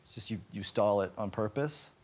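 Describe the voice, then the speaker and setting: A man's voice: fairly low pitch, normal speed. A man, an actor guest on a talk show, telling a story with lots of fillers and laughing at himself, in a TV studio with an audience. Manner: rambling, many fillers, self-mocking laughter. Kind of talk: anecdote telling on chat show. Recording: loud studio audience noise.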